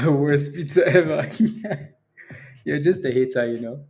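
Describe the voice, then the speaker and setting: A man's voice: fairly high pitch, takes it slowly, a little mellow, slight background noise. A man hosting a casual stock trading livestream, joking around with his viewers and laughing often.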